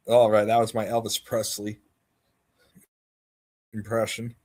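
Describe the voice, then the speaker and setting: A man's voice: lowish voice, monotone, measured pace, pauses often, darkish tone. A man hosting a livestream, chatting casually and mocking others as he rambles. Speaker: livestream host. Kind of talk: casual chat.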